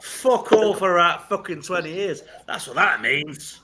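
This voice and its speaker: A man with a northwest English accent, swearing and rambling loudly in casual chat on a video call. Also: sits high, lively intonation, a little slow, a crowd in the background. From northwest England. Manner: sweary, rambling, boisterous ranting.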